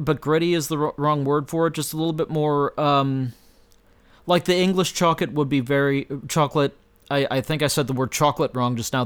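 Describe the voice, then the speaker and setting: A man's voice: medium pitch, clean tone. A man giving a casual spoken beer review, stumbling through restarts and fillers as he searches for words. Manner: halting, many restarts and fillers.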